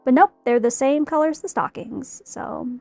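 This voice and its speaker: Bubbly high-voiced young woman. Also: moderate pace, gravelly, dark tone, no echo, soft background music. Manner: bubbly, rambling, giggly. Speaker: streamer painting a figure. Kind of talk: casual chat while crafting.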